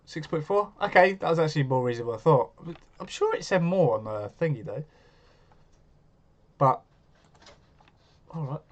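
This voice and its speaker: A man's voice: on the high side, lively intonation, moderate pace, long pauses. A man hosting a live stream, chatting casually and answering viewers' comments as he goes.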